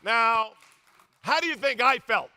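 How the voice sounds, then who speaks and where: Older man, pastor; humorous sermon storyteller, strong bright voice. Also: sits high, moderate pace. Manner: humorous storytelling, animated, loud emphatic bursts.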